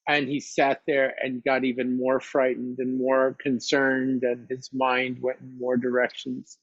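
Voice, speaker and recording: Unhurried man telling a teaching story. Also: mid-range voice, completely flat delivery, dry recording. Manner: unhurried, reflective, with soft laughs. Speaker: meditation teacher. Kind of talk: storytelling dharma talk. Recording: dry, slightly dull recording.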